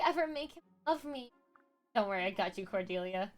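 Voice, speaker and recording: A woman's voice: medium pitch, expressive, fairly quick, faint music behind. A woman reading game dialogue who adds casual, wry commentary between the lines.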